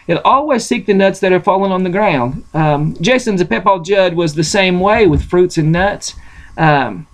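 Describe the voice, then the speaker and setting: Man from Russia, host, casual storyteller; rambling, folksy, pitched high. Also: low-quality recording. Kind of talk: casual bedtime story reading.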